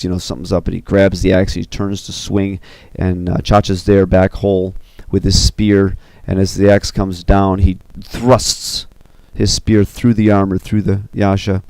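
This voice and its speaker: Man, deep and gravelly, casual film storyteller with lots of fillers, dry close mic. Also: unhurried, hardly any pauses, no room sound. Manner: animated, filler-heavy with you know and uh. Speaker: storyteller recounting an animated film. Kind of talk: casual retelling.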